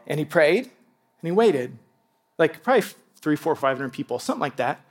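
A pastor preaching to a congregation in church, telling stories with lively asides and laughter and speaking straight to the people in front of him. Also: male voice, a little high, moderate pace. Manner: animated storytelling with asides and laughter. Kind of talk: sermon.

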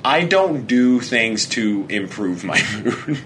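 A man's voice: fairly low pitch, sing-song, slow pace, a bit bright, slight background noise. A young man co-hosting a podcast in casual chat, rambling, laughing often and swearing as he acts out quoted back-and-forth. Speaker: podcast co-host.

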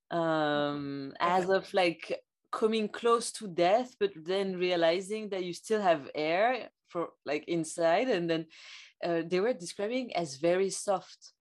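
A woman with a slightly low voice talks in a casual podcast conversation. She hesitates often and searches for her words, leaning on fillers as she goes. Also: takes it slowly.

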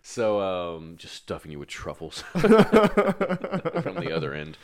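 A man's voice: low-pitched, animated, a little slow. A young man in casual chat, telling a long rambling story with frequent laughs and swearing.

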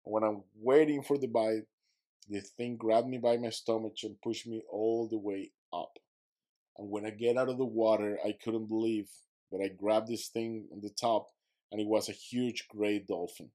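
A man's voice: fairly low pitch, fairly even intonation, moderate pace, dark tone. Earnest man telling a personal story. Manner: earnest, emphatic storytelling with non-native English phrasing. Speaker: guest.

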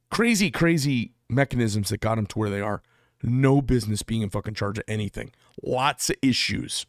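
Brief: male vlogger, heated profane monologue, average-pitched voice, dead-dry room. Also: expressive, moderate pace, no echo. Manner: heated, blunt and profane, with sarcastic asides. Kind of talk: solo rant to camera.

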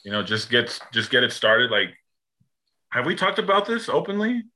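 A man's voice: mid-range voice, sing-song, normal speed, pushed and bright. A man co-hosting a faith podcast, chatting casually with playful asides. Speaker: podcast co-host. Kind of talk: casual chat.

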